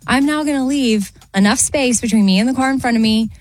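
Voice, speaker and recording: A woman's voice: brisk, faint music behind. A woman co-hosting a radio show, telling a story in casual chat and acting out other people's lines. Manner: animated storytelling, acts out voices with pitch jumps.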